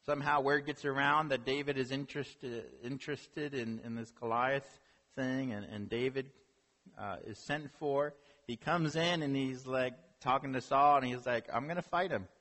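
A male preacher telling a story in a sermon, animated, asking rhetorical questions. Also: medium pitch, moderate pace. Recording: long hall reverb.

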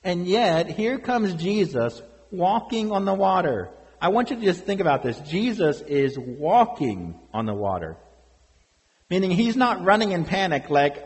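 Man preaching, earnest, rhetorical questions, slightly high voice, long reverb. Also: big pitch swings, a little slow. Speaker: pastor. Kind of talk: sermon.

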